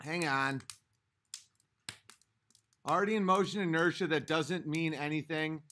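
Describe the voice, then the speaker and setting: A man's voice: a little high, fairly even intonation, a little slow, sharp tone, a little hiss or hum. A man hosting a livestream, arguing with his chat in a profane, exasperated rant, a little tipsy from a few drinks. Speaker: livestream host reading chat.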